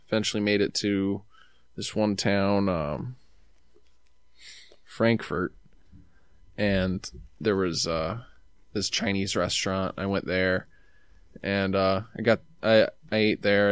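A man's voice: low voice, clean tone, no echo, clean studio sound. A man telling a long travel story in a rambling, laid-back way, acting out what people said to him. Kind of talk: casual storytelling.

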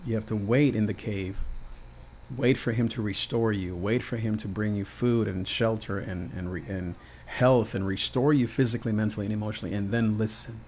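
A man's voice: lowish voice, a little mellow, a little hiss or hum. A man preaching a heartfelt devotional sermon on his podcast in an earnest manner.

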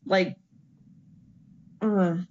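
A woman's voice: very slow, darkish tone. Hesitant woman in casual chat. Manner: hesitant, many fillers and restarts. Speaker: co-host discussing wrestling. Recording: dull lo-fi recording.

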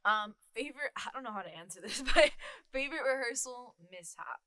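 A woman with a bright, fairly high voice, bubbly and quick to giggle as she co-hosts a casual chat. She often says "like," and the sound is dry and close. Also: lively intonation, dry recording. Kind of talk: casual chat about theater.

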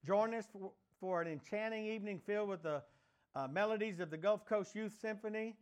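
A man's voice: sits high, fairly quick, clear, resonant tone. A man preaching a sermon as pastor, exhorting his church and leading it in repeated call-and-response declarations. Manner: emphatic, exhorting, leads the congregation in repeated declarations. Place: church sanctuary, also streamed online.

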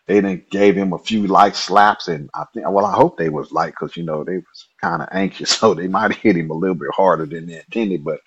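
A man guest telling a personal story in a lively, colloquial way. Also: sits low, slightly rough, muffled recording.

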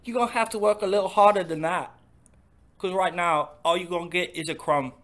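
A man's voice: sits high, fairly quick, fairly bright tone, pitched above the performer's own voice. A man putting on a mock British accent, voicing a crude, flirty bloke. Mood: teasing. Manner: exaggerated cartoonish put-on British accent.

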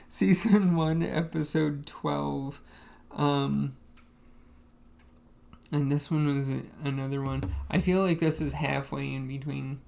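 A podcast co-host talking casually in a halting way, with many ums. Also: mid-range voice, little pitch movement, creaky, a little mellow. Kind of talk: casual chat.

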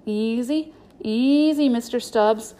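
Woman doing a young circus boy, eager, earnest, bit high. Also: slow, mellow. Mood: coaxing.

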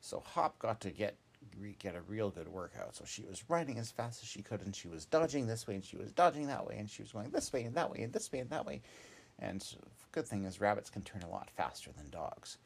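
A man spins a children's story off the cuff, wandering through asides and fillers. His voice is gravelly and a little husky, with a lively, rising and falling pitch. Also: a little fast. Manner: meandering, casual, with many asides and fillers. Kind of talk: improvised children's story narration.

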